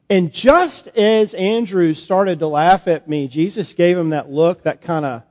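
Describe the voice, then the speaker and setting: A man, a priest, performing a first-person Bible monologue in a sermon, conversational and halting with fillers. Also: sits high, a little mellow. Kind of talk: dramatic monologue as Peter in a sermon. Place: church sanctuary. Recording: long church reverb.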